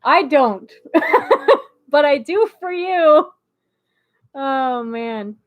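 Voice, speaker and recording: A woman's voice: high voice, lively intonation, drawn-out words, highs cut off. A woman streamer chatting casually with her live chat, bubbly and laughing often.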